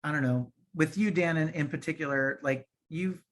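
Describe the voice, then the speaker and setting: A man's voice: on the high side, normal speed, a little hiss or hum. A man talking casually on a video call, sincere and plain-spoken, with many "like"s. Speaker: colleague, guest. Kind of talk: casual chat.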